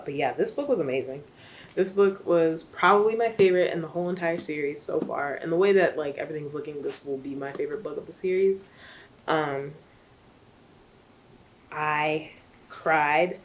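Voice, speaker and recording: A woman's voice: deep voice, moderate pace, long pauses, slight background noise, low-quality recording. A young woman rambling through a casual book recap, full of fillers and asides. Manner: rambling, chatty, many fillers. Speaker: book vlogger.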